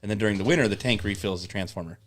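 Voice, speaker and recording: A man's voice: on the low side, very fast, fairly bright tone. A man telling rambling work stories in casual chat, swearing often and acting out coworkers. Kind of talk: casual storytelling with profanity.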